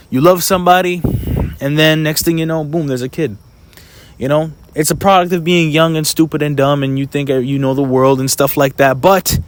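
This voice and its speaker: Young guy in his 20s ranting to camera, swears a lot, lots of you know. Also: medium pitch. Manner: blunt, heavy swearing, frequent "you know" fillers. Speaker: vlogger. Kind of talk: casual monologue to camera.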